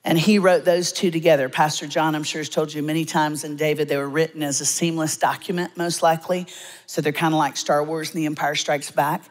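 Lively woman preaching, hall reverb. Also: low voice. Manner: lively, humorous storytelling with dramatic pauses. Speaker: guest preacher. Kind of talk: sermon. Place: church sanctuary.

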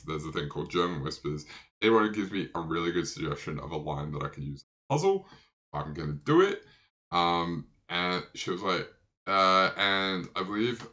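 A man's voice: sits low, pushed and bright. A young man hosting a casual sudoku walkthrough, chatty and rambling, with many fillers and restarts. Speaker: sudoku channel host.

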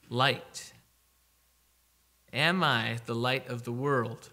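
A man preaching a sermon, emphatic, slowing down to read scripture aloud. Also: mid-range voice, sharp tone.

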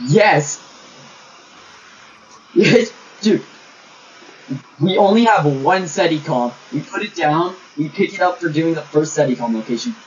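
Young male gamer, crude and bantering, slightly high voice; distant lo-fi mic with light hiss. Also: animated, a little slow, long pauses. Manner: crude, joking, bickering with teammates. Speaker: gamer streaming with friends. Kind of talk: casual party chat over gameplay.

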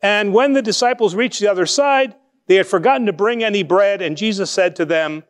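Speaking in a high voice, a male pastor keeps his sermon conversational. He poses rhetorical questions and alternates rapid asides with slower, emphatic lines.

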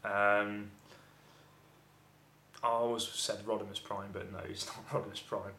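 A man's voice: fairly low pitch, little pitch movement, a little slow, pushed and bright. A man giving a rambling, profanity-laced film review, often exasperated. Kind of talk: casual ranting film review. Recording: echoey room.

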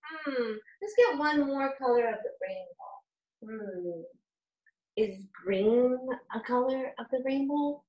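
A woman's voice: high voice, animated, slow, recorded from a distance, muffled recording. A woman children's music educator from Los Angeles, leading a bilingual lesson that mixes talk and song, upbeat and coaxing as she moves between English and Spanish. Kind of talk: bilingual kids' music lesson, talking and singing. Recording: roomy home stream with guitar and keyboard music.

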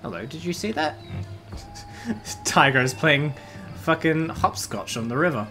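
A man's voice: on the high side, lively intonation, measured pace, pushed and bright, soft background music. A man, giving casual gameplay commentary as a streamer, swearing freely and laughing often.

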